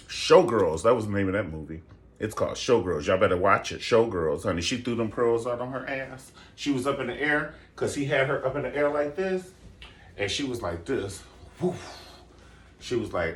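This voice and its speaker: Animated and speaking at normal speed, this man hosts a laid-back gossip show with plenty of sass and drama, suddenly shooting up into falsetto for his exclamations.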